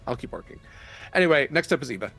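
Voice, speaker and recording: Deliberate male game master narrating. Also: on the high side, animated, creaky, a bit bright, soft background music. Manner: slow, deliberate narration with pauses.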